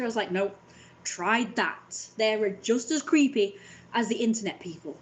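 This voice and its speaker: A woman's voice: medium pitch, animated, moderate pace, rough recording. A woman in her thirties in a casual, sweary vlog rant, wry and self-mocking and often laughing. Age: 30s.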